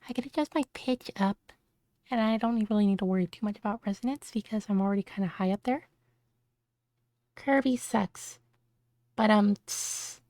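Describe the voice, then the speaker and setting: A woman's voice: medium pitch, dark tone, no echo, studio quality. Bubbly woman streamer with cutesy talk. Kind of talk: casual live-stream chat.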